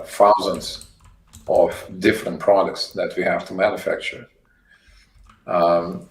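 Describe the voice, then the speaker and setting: A man, a company CEO guest, answering interview questions in a halting way, often repeating words while he searches for phrasing. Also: sits low, gravelly. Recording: echoey room with faint noise.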